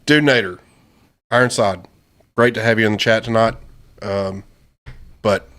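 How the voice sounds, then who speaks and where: A man's voice: lowish voice, steady tone, a little slow, fairly bright tone. A male podcast host wrapping up the show in a loose, casual way with lots of fillers.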